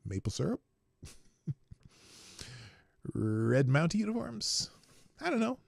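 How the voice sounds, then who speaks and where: A man's voice: on the high side, sing-song, takes it slowly, gravelly, a little mellow, dry recording. Minnesota guy hosting a live stream, reads the news, cracks sarcastic jokes, voice bounces up and down. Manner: sarcastic, laughs at own jokes. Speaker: livestream host. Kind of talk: reading news with joking asides.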